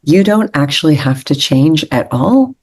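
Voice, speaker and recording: Woman guest author, low mellow voice, earnest and gentle, reflective interview talk. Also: sing-song, unhurried, husky. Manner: earnest, gentle, repeats phrases for emphasis.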